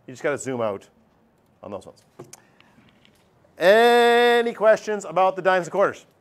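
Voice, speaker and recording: A middle-aged male math teacher lectures his classroom in a bright, slightly high voice. He jokes as he goes and slips into playful impressions of his students. His delivery is quick and animated. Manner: lively, jokey, acts out student voices.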